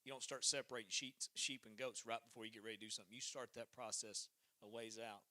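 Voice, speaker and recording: A man giving an impassioned closing address at a live church gathering in a converted barn, moving from loud declarations to hushed, emotional passages. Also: medium pitch, fairly even intonation, fast. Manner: fervent, preacherly, swings from loud to hushed. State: emotional, voice thick.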